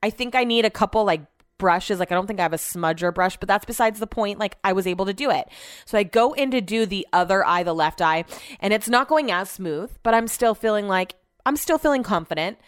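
Young woman podcaster rambling thru a story, swears a lot, smooth clear voice, dry close mic. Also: medium pitch, lively intonation, fairly quick, dry recording. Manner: chatty, swears freely, acts out quoted voices. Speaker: podcast host. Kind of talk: casual storytelling.

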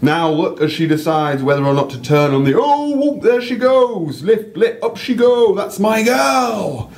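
Brief: man voicing a red-faced Northern English bird guide, loud and sweary, pitched way up from his deep natural voice. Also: big pitch swings, a little slow. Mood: excited showman. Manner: booming showman patter with cheerful swearing. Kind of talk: reading fiction aloud.

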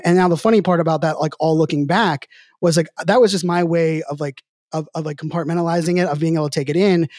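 Middle-aged man, rambling casual storytelling, slightly high voice, dry close sound. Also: darkish tone, no room sound. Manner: rambling, heavy use of filler "like". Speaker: podcast guest.

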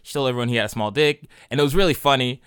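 A man's voice: mid-range voice, racing, fairly bright tone, clean tone, dry recording, clean studio sound. A young man telling a long personal story in casual chat, rambling with many restarts and a lot of swearing.

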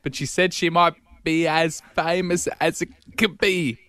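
A man's voice: on the high side, fairly even intonation, a little slow, fairly bright tone, dry recording. A man co-hosting a radio show, chatting eagerly and laughing through the banter. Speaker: radio co-host. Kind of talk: casual comedy banter.

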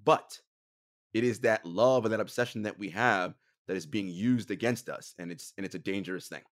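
A man hosts a sports podcast in an earnest, conversational way. His voice sits a little low, and he often drops into a quiet, somber tone. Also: moderate pace. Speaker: podcast host. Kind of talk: casual podcast talk.

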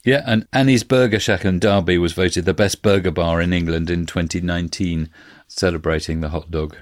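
A man's voice: low voice, fairly even intonation, moderate pace, no room sound. A man hosting a casual podcast, reading out local facts with frequent filler sounds and dry jokes. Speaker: podcast host.

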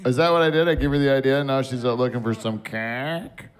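A man's voice: medium pitch, quick pace. A man hosting a late-night show, bantering bluntly and swearing freely. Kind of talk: casual on-air banter.

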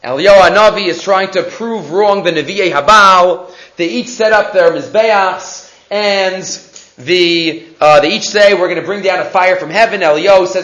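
Casting: high-voiced man, animated Torah teacher, dull echoey room recording. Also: normal speed. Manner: animated, acts out quotes, repeats himself. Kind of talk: Torah class lecture.

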